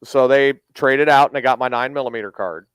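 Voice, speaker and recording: Man, mid-pitched, smooth and resonant, dry close sound, blunt profane storyteller who voices the dialogue. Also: a little fast, fairly bright tone, no echo. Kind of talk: casual storytelling.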